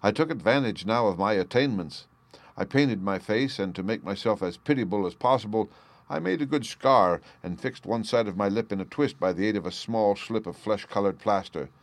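A man voicing an ashamed gentleman prisoner who tells his story earnestly and pleadingly. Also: fairly low pitch, moderate pace, no echo, close to an everyday voice. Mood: confessing.

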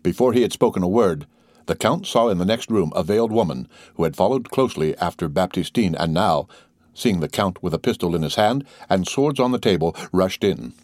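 Deep-voiced man narrating an audiobook. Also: expressive, a little fast, a little mellow, dry recording, clean studio sound.

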